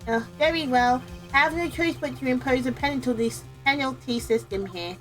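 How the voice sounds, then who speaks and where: A woman's voice: sits high, normal speed, faint music behind, pitched above the performer's own voice, close to an everyday voice. A woman voicing a flustered elderly male judge in a video game, fussy and stammering.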